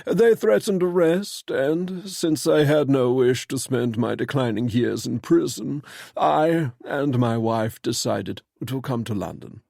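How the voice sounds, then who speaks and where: A man reading an audiobook and voicing a foreign émigré in his sixties, with a slight foreign accent and a halting, light, wry manner. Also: mid-range voice, gravelly, darkish tone, no room sound, clean studio sound. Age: 60s. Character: older foreign émigré thinker, light and inscrutable.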